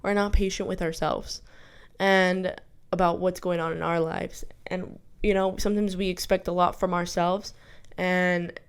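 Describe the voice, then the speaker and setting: Smooth-voiced young woman, rambling reflectively. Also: lowish voice, flat delivery, a little slow. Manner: rambling, self-reflective, many fillers and restarts. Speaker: vlogger. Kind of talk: casual personal storytelling.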